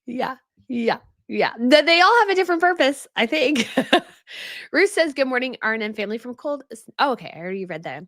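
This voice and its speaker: A woman's voice: sits high, animated, a little fast, fairly bright tone, no room sound, studio quality. A woman hosting a royal news livestream, chatting casually and reading viewer comments, rambling and laughing often. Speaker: royal news channel host.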